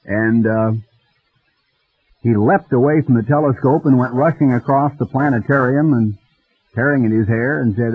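A man preaching a radio sermon in a folksy, storytelling manner, with a husky voice. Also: medium pitch, moderate pace. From United States. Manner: folksy storytelling, mimics voices in quoted dialogue. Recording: dull lo-fi radio broadcast.

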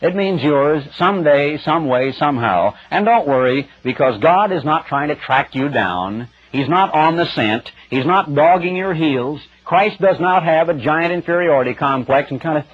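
A male radio preacher delivers a broadcast sermon in plain, emphatic, conversational speech, his slightly high voice rising and falling a great deal with lively intonation. He keeps a moderate pace with hardly any pauses. The audio is dull and lo-fi, with faint music underneath.

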